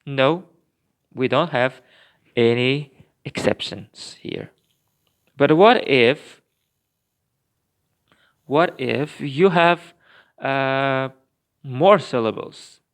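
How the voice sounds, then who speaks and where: Slow, clear-voiced man teaching grammar. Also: mid-range voice. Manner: slow, careful explaining with many fillers and restarts. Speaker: language teacher. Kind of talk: recorded grammar lesson.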